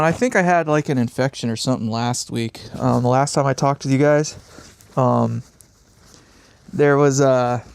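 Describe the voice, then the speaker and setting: A man's voice: mid-range voice, vocal fry, smooth, dry recording. A man with congested sinuses chatting in a rambling, laid-back way while building an amp on a live stream, swearing casually and chuckling often.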